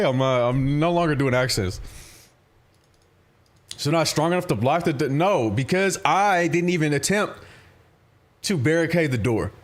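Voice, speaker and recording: A man live streaming, talking casually with his viewers, rambling through stories full of swearing and frequent laughter. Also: fairly high pitch. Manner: profane, rambling storytelling, often laughing. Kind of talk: casual livestream chat with viewers.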